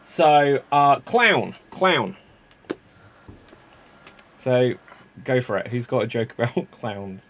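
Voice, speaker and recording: A man's voice: mid-range voice, big pitch swings, slow, long pauses, fairly bright tone, slight background noise. A man hosting improv comedy games, chatty and laughing often. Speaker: improv game host.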